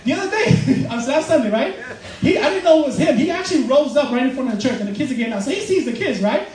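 A man preaching a sermon in a church, loose and joking, laughing through his points. His voice sits high and moves fast. The mic is set back, so the sound is roomy with faint noise behind. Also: animated, a little mellow, distant mic. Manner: casual, joking, laughs often while preaching. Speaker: pastor.

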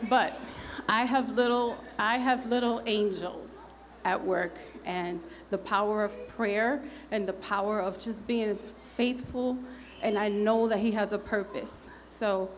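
A woman's voice: mid-range voice, a little hiss or hum. Candid woman giving church testimony. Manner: candid and humorous, acting out quoted speech; conversational, with frequent fillers. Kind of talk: personal testimony to a congregation.

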